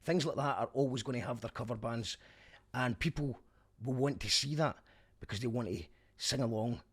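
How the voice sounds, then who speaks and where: A man's voice: medium pitch, moderate pace, husky. A young Scottish man hosting a podcast, giving a chatty spoken review with wry asides. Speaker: podcast host.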